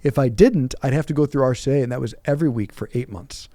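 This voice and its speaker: Priest in his 40s, quick and animated, self-mocking storyteller, dark mellow tone, dry close mic. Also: mid-range voice, no echo. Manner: animated, self-deprecating, acts out quotes. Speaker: priest, podcast guest. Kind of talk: casual storytelling conversation.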